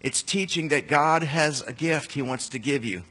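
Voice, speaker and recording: A man's voice: a little high, moderate pace, pushed and bright. A middle-aged man preaching an expository sermon as pastor, emphatic, with sudden rising bursts on key words.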